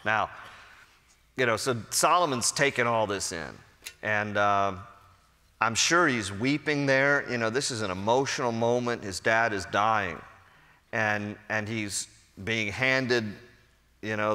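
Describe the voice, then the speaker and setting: Man, pastor, Bible study teaching, crisp bright tone, lively conversational storytelling, long church reverb. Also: lowish voice, takes it slowly. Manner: conversational, animated storytelling with acted-out quotes. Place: church sanctuary.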